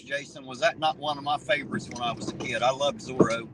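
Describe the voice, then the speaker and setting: A man's voice: a little high, a little fast, few pauses, background noise. A middle-aged man, hosting a livestream, chatting casually and reminiscing in a folksy, rambling way. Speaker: livestream host reading chat. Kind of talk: casual chat.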